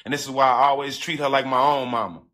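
A man's voice: medium pitch, fairly even intonation, a bit bright. A man telling a personal story in casual, profane street slang, talking straight to his listeners and repeating himself as emotion builds. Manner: emotional, breaks into halting repeats.

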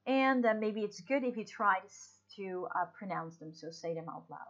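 A woman's voice: medium pitch, expressive, normal speed, muffled recording. A woman teaching English in a recorded online lesson, explaining patiently with fillers and restarts.

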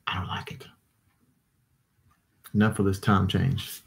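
A man's voice: low voice, level tone, unhurried, gravelly. A man, chatting casually with his livestream viewers and reading their comments, tired and yawning. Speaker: livestream host. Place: home desk with computers.

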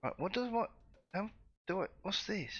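A man's voice: high voice, very animated, moderate pace, dull audio. A man streaming a game live, chatty and jokey, reading out the game text as he plays. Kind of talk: live gameplay commentary.

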